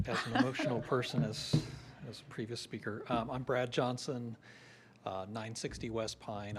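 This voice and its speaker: A man's voice: fairly low pitch, slight background noise. A man who works as an urban planner, giving public comment at a town meeting in a practical, reasoned way with a touch of humor. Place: town hall meeting room.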